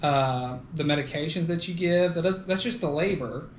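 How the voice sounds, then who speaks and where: A man's voice: on the high side, normal speed. A man hosting a podcast, talking casually and laughing often, with the odd swear word. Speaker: podcast host. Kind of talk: casual chat. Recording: echoey room with faint noise.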